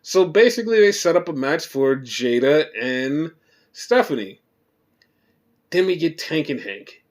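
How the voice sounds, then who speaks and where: A man hosting a podcast, recapping wrestling shows in a rambling, profane and animated way. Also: on the high side, measured pace. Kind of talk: casual chat.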